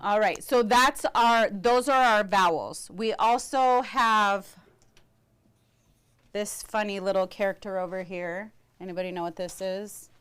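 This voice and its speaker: Woman instructor, smooth clear voice, unhurried classroom delivery. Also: medium pitch, fairly bright tone. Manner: slow, careful, modeling sounds for students. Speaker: language teacher. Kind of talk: classroom teaching.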